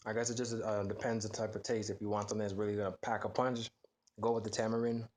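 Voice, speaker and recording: Brief: male food vlogger, lowish voice, relaxed, exclamation-heavy tasting talk. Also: fast, slight background noise. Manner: relaxed, filler-heavy reactions with frequent exclamations. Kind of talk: casual taste-test vlog.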